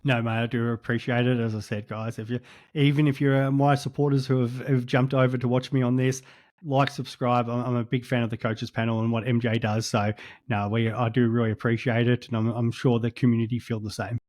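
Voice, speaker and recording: An Australian man speaks as a podcast guest in a relaxed, hesitant way, full of ums and little restarts. His voice stays flat and even in pitch. The sound is dry and close. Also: brisk, no room sound. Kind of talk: casual podcast chat.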